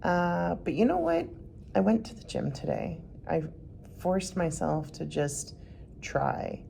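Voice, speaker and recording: Low, gravelly woman in a car, exhausted. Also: big pitch swings, slow pace, dark tone, a little hiss or hum. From Canada. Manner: tired, emotional, sighing. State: tearful. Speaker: vlogger. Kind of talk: personal vlog.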